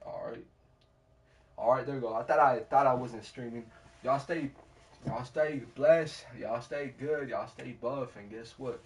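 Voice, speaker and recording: A man streaming a game and telling a story in rambling, slangy chat that often drops to low mutters. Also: a little slow. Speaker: gaming streamer. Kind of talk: casual storytelling while gaming. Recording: distant mic, faint background hiss.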